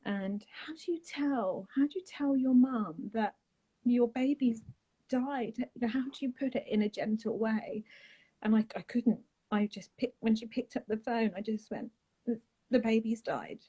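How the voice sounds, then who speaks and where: A woman, a guest telling a painful personal story in a soft, halting way, often trailing off and starting again. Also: fairly high pitch, poor audio. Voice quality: husky, breathy. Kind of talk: emotional personal account on a live chat.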